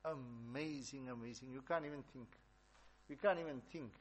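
A man's voice: medium pitch, moderate pace. A man preaching a religious talk, telling stories and repeating his points emphatically. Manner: repetitive, emphatic. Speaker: religious teacher. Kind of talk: sermon with storytelling.

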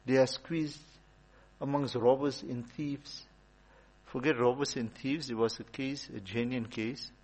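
A man gives a casual religious talk in a husky, slightly breathy voice. He speaks conversationally, slipping into stories and stacking up repeated lines to drive a point home. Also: medium pitch, steady tone, measured pace, a little mellow, poor audio. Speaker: religious teacher. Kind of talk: informal Islamic talk.

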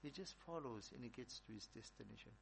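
A man's voice: mid-range voice, expressive, a little fast, creaky, slight background noise. A man preaching a religious talk, telling stories and repeating his points emphatically. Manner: repetitive, emphatic. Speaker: religious teacher. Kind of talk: sermon with storytelling.

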